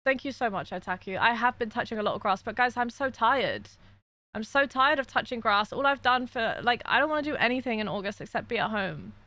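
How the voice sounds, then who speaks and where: A woman's voice: on the high side, lively intonation, brisk, pushed and bright, no echo. A young woman streaming from her bedroom, tearful after crying, venting frankly to her chat and reading messages aloud in casual talk.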